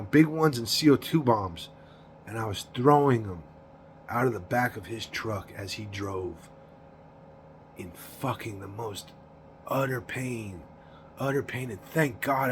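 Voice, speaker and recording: A man's voice: medium pitch, a little hiss or hum. A man in his forties giving a rambling, profane confessional monologue about his past, repeating himself and laughing between lines. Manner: rambling, profane, repeats words, frequent "you know what I mean". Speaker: vlogger recounting his past.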